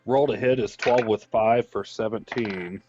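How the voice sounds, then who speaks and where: A man's voice: fairly low pitch, steady tone, unhurried, dull audio, music in the background. A man playing a tabletop game, describing his character's actions at length. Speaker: player.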